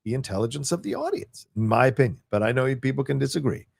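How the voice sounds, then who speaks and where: A man's voice: medium pitch, animated, quick pace, creaky, breathy edge, dry recording, studio quality. A man co-hosting a casual film podcast, blunt and opinionated, swearing often. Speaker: podcast co-host.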